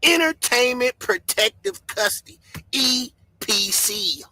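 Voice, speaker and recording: A man hosting a livestream, ranting loudly and excitably, swinging between shouts and mutters and laughing often. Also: extremely high pitch, slow, poor audio. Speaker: livestream host. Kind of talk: animated livestream rant.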